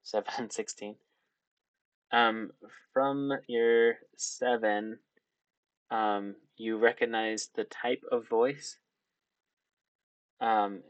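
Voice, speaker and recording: A man narrating a tabletop role-playing game as game master, hesitant and filling pauses with ums. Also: fairly low pitch, little pitch movement, dry recording. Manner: hesitant, lots of ums and restarts.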